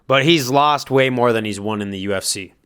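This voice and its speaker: A man's voice: medium pitch, a little fast, a bit bright, smooth. A man giving casual spoken fight commentary, thinking aloud and hedging his guesses, then giving direct advice.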